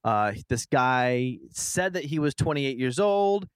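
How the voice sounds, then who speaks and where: Animated young man telling a story. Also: medium pitch, slow pace, smooth, no room sound. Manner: rambling, animated storyteller with restarts. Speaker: podcast host. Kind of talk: casual storytelling chat.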